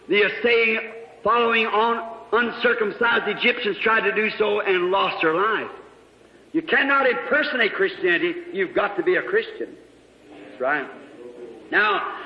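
Man, preacher, very high voice, storytelling sermon, sudden shouts, roomy echo. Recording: echoey hall, muffled old recording.

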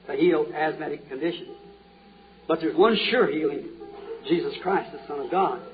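A man preaches a healing revival with fervor, asking his listeners the same questions over and over. His voice sits slightly high. It comes through a thin, phone-like old recording, with music playing clearly behind him. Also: normal speed. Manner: fervent, repeats questions to the crowd. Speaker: evangelist preacher. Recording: tinny lo-fi old tape.

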